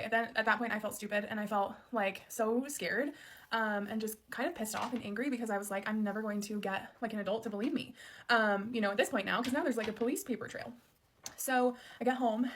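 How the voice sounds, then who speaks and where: A woman in her late twenties tells a personal story quickly and candidly, with plenty of "um" and "like" fillers. Her voice sits at an ordinary middle pitch. A faint hiss runs under the recording. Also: a bit bright. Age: late 20s. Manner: candid, conversational, many "um" and "like" fillers. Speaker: storyteller sharing her childhood.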